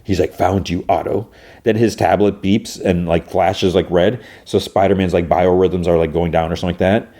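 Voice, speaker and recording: A man's voice: low voice, steady tone, brisk, mellow. A man hosting a podcast, casually recapping an episode in a rambling way with lots of fillers. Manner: rambling, full of fillers and restarts. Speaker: podcast host.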